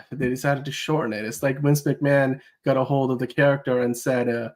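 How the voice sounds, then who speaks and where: A man's voice: medium pitch, fairly even intonation, fast, hardly any pauses, a little mellow. Chatty man hosting a podcast. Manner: chatty, rambling. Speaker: host. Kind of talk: casual podcast chat.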